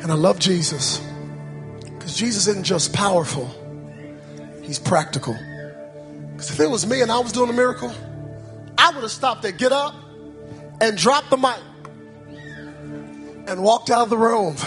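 A man preaching a sermon in a church, calling out to the congregation and rising into shouted, sing-song cadences. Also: high-pitched, lively intonation, normal speed, long pauses. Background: soft music.

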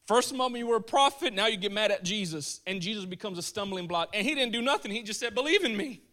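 A man preaching a casual, animated sermon in a colloquial way, chuckling as he goes. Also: sits high, fast.

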